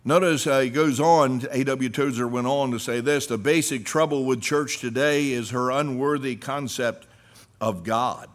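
A man preaching a sermon, reading scripture aloud and swinging from quiet low passages to loud, emphatic climaxes. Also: moderate pace. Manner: preaching, rising to loud emphatic peaks then dropping low; reads scripture in old-fashioned biblical phrasing.

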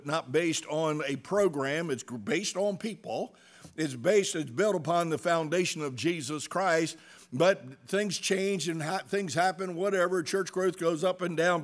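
A middle-aged male pastor preaching a sermon, swinging between loud emphatic bursts and hushed asides, asking the congregation "amen?". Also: a little high.

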